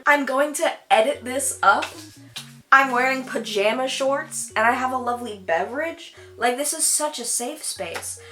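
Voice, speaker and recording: A woman's voice: on the high side, fairly bright tone. A woman talking candidly in a casual vlog at home, chatty and self-deprecating, with lots of "like" and laughter. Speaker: YouTuber.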